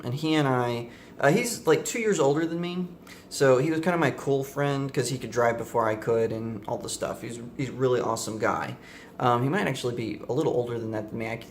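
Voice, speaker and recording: A man's voice: mid-range voice, slight background noise. Young male vlogger, casual storyteller who meanders and corrects himself, mid-range voice. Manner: rambling, many fillers and self-corrections.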